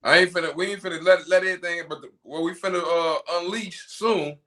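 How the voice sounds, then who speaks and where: A man in a casual chat, talking in reflective, slangy, halting sentences. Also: high-pitched, fairly even intonation, bright, forceful tone.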